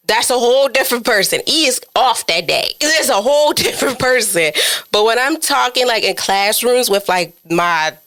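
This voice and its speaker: A woman in her twenties hosting a podcast in casual chat, talking in an animated, chatty way and acting out her own inner voice. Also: on the high side. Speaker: podcast host.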